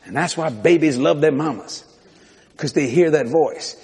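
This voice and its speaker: A man's voice: a little high, normal speed, creaky, darkish tone, husky. An older man preaching a sermon, telling folksy stories with laughter and mimicry. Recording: long hall reverb.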